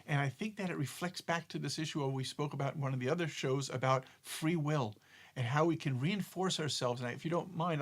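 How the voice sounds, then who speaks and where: A man co-hosting a spiritual discussion show, casually telling jokes with a deep lesson and often repeating words as he thinks. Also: a bit bright. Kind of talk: casual storytelling chat.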